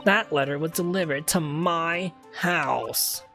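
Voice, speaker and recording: A woman voicing an evasive, defensive female artist witness, speaking slowly and coyly. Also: deep voice, creaky, a bit bright, soft background music, heavily acted.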